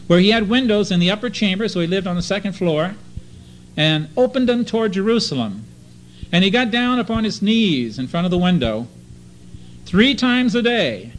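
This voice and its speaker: A man's voice: high voice, a little hiss or hum, low-quality recording. A man preaching a sermon, reading scripture passages aloud and commenting on them in plain everyday talk.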